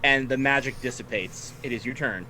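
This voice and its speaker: A man's voice: medium pitch, a little fast, pushed and bright, a little hiss or hum. A man running a tabletop game as game master, narrating turns in a friendly way and laughing often.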